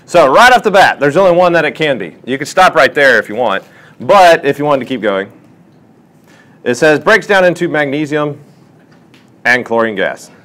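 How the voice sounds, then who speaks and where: Man, chemistry tutor, animated pitch, classroom lesson, questioning students. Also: normal speed. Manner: lively, questioning teacher talk.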